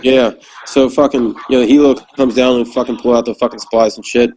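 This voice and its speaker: Male veteran, loose profane storyteller, mid-pitch voice, casual chat. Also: fairly even intonation, fairly quick, a little mellow, poor audio. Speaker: former Marine corporal, guest.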